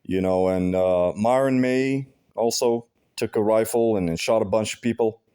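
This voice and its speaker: Low mellow man rambling. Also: clear, resonant tone. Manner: halting, with many fillers and restarts; heavy profanity, blunt and aggrieved. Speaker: vlogger. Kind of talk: casual rambling monologue.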